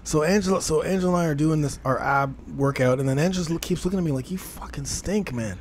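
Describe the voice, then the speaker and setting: A man's voice: a little high, quick pace. A man hosting a casual fitness podcast, telling stories animatedly and swearing freely. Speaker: podcast host. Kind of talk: casual chat. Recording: faint background noise.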